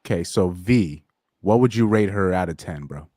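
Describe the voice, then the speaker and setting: A man hosting a casual live stream chat, talking in an animated, rambling way, with frequent laughs and repeated words. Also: deep voice, normal speed, dry recording, clean studio sound. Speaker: podcast host.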